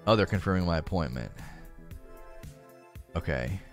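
A man in casual podcast talk, arguing his point in an animated, rambling, defensive way. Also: low-pitched, moderate pace, soft background music. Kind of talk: casual argumentative chat.

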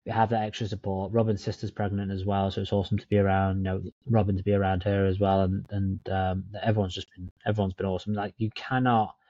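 A man's voice: deep voice, level tone, fast, hardly any pauses, mellow, dry recording, muffled recording. A man co-hosting a casual podcast chat, laid-back, swearing now and then and calling his friend mate. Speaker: podcast co-host. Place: in Dublin, remote call.

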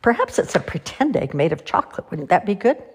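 A teasing mother owl from a storybook, voiced by a woman, sing-song and playfully exaggerated. Her voice is breathy and husky, swinging widely in pitch. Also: big pitch swings, brisk, heavily acted.

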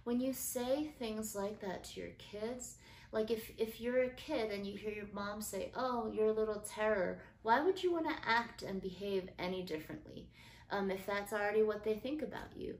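Earnest mom podcaster in a roomy space. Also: female voice, medium pitch, normal speed. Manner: earnest, gentle, with soft fillers and restarts. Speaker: podcast host. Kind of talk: casual faith-based parenting talk. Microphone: built-in phone mic. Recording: roomy phone recording with faint noise.

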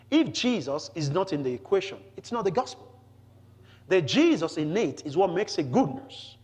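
A man preaching a Bible teaching sermon, reading scripture aloud with rising emphasis and pausing to explain it, often saying hallelujah. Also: a little high, slightly rough, in a large hall. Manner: peppers talk with "glory to Jesus" and "hallelujah".

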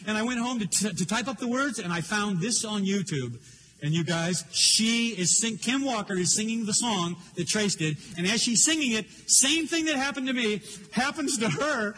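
An older male pastor preaches in a high voice, earnest and openly emotional as he tells his story. Faint noise hangs behind him. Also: lively intonation, moderate pace, bright, forceful tone. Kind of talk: sermon.

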